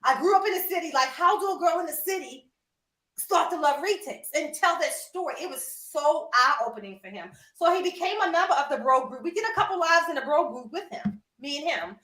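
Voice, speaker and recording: Woman host, animated storyteller who laughs a lot and speaks straight to her audience; high voice, echoey room. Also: brisk. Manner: animated, laughing, addresses listeners as y'all. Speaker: podcast host. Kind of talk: casual storytelling chat.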